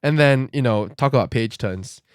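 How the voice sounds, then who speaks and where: A man co-hosting a podcast, chatting casually and excitably about a comic, laughing often. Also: medium pitch, normal speed, smooth, no room sound, clean studio sound. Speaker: podcast co-host.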